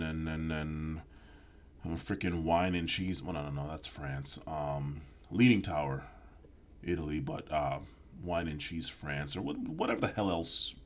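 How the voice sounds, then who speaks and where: Deep-voiced rambling sarcastic male commentator. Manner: rambling, profane, mock-apologetic asides. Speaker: video commentator.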